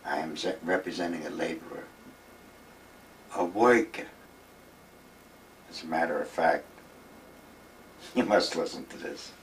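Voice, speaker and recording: A man's voice: extremely low pitch, unhurried, pauses often, distant mic, slight background noise, poor audio. An older man being interviewed, reminiscing in a rambling, emphatic way and acting out the dialogue of his old stories. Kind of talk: reminiscing storytelling. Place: retirement village home.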